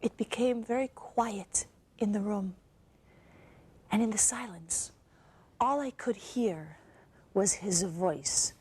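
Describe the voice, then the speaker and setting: A young actress performing a theatrical monologue as a woman recounting her abusive relationship, halting and wistful. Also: medium pitch, darkish tone, husky. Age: young adult. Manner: halting, wistful, with nervous laughs and sighs.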